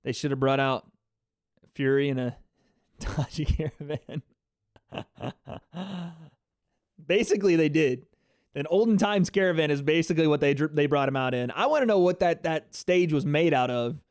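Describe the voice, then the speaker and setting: Excitable man hosting a livestream reaction. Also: fairly high pitch, a little fast, smooth, no room sound, studio quality. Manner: excitable, chatty, talks to chat viewers. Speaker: livestream host. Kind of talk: live fight reaction commentary.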